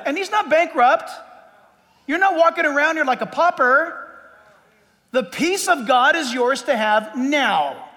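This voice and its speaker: Middle-aged male pastor, high bright voice, chatty joking sermon, long church reverb. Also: unhurried. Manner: conversational, joking with the congregation. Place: church sanctuary.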